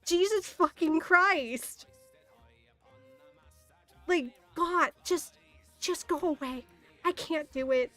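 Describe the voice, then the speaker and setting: A woman's voice: extremely high pitch, slow pace, long pauses, sharp tone, faint music behind. A young woman in a casual, exasperated ranting monologue, swearing often and laughing in disbelief. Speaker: streamer.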